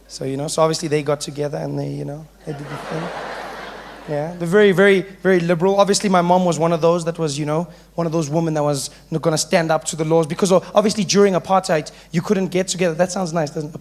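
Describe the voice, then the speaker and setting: South African male comic, high voice, faint noise in the background, playful storyteller. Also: quick pace. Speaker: stand-up comedian. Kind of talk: stand-up comedy routine.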